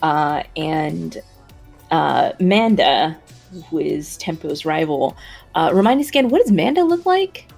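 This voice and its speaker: A woman narrating a tabletop game as game master, pausing often with fillers. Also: low voice, sing-song, gravelly, a little mellow, breathy edge, soft background music. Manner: halting, many fillers.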